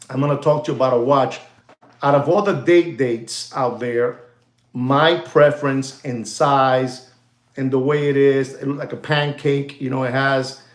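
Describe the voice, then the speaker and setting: A man hosting a watch livestream in a casual, animated and rambling way, addressing viewers as ladies and gentlemen and dropping in Spanish phrases. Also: mid-range voice, echoey room.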